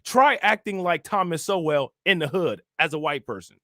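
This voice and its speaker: A young livestream political commentator speaks at normal speed in an animated, fairly bright voice on the high side, recorded dry with clean studio sound. Reacting to his chat in a casual rant, he swears and keeps firing off repetitive rhetorical questions.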